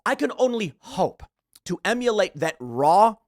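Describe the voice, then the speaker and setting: Man, lively pitch, dry close mic, opinionated casual talk show host. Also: unhurried, dry recording. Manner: animated, opinionated, mimics others mid-rant. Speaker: podcast host. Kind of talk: casual political commentary.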